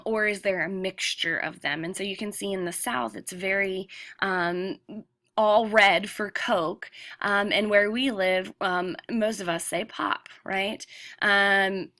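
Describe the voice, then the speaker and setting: Woman teacher lecturing slowly, lots of ums, bright tense voice. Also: mid-range voice. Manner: explanatory, with many ums and checking "right?". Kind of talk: recorded classroom lecture.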